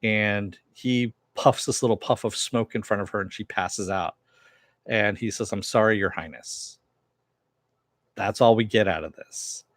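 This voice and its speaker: A man hosts a casual TV recap and review, blunt and rambling, full of restarts and fillers, while answering live chat with headphones on. His voice is fairly low and steady, at a moderate pace, with no echo.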